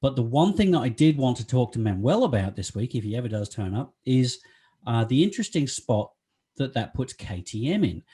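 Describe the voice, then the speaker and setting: Husky, lively-voiced man chatting. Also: medium pitch, a little fast. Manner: chatty, laughs often. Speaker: podcast co-host. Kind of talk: casual chat.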